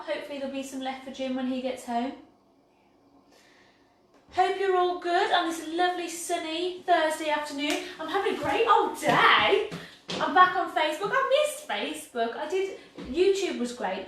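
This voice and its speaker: A woman's voice: high-pitched, a bit bright. A bubbly, chatty woman from England hosting a home baking livestream, cheerful and self-mocking. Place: home kitchen. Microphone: laptop mic from across the room. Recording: very echoey room, far from mic, faint background noise.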